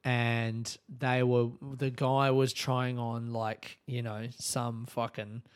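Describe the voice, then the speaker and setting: A man's voice: mid-range voice, level tone, slow, clean tone. Rambling, swearing young Australian man. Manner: rambling, self-correcting, swears often, laughs at himself. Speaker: comedian and travel podcaster. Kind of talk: casual travel diary chat.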